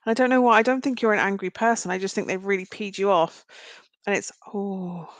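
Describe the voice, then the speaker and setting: A woman's voice: medium pitch, steady tone, a little fast, dry recording. A woman doing a live tarot reading, chatting straight to her viewers. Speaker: tarot reader. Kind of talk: live-stream card reading.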